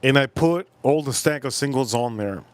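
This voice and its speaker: Man, livestream host, casual rambling storytelling, repeats himself, swears loosely, mid-pitched voice, dry close sound. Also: animated, normal speed, clean tone, dry recording.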